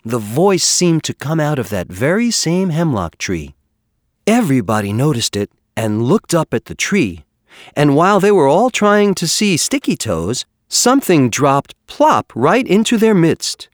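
A man reading a children's animal story aloud with an expressive, measured storytelling manner. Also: a little high, no echo, clean studio sound. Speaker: narrator. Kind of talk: storybook narration.

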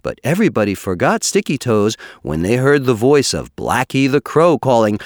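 A man reading a children's animal story aloud with an expressive, measured storytelling manner. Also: medium pitch, no echo, clean studio sound. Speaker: narrator. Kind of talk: storybook narration.

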